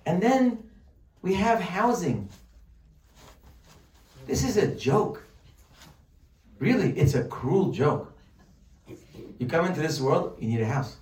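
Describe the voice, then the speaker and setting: A man giving a humorous religious lesson, animated and joking, full of rhetorical questions. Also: a little high, measured pace, long pauses. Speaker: Torah teacher. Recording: roomy sound from a distant mic.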